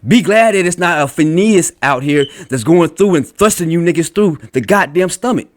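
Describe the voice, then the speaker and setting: A man's voice: a little high, sing-song, a little fast, few pauses. Blunt profane man ranting. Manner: lectures while reading out comments. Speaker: religious commentator. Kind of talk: angry reaction rant.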